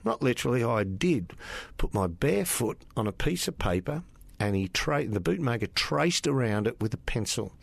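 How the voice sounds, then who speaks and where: A middle-aged Australian man, a former footballer, telling anecdotes in a casual interview and acting out quoted lines with sudden jumps in pitch. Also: very animated, normal speed, creaky, slightly rough, dry recording.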